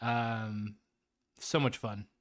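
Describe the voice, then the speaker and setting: A man's voice: lowish voice, fairly even intonation, extremely slow. A man hosting a casual livestream movie review, rambling, laughing and swearing as he reads chat comments. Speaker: host.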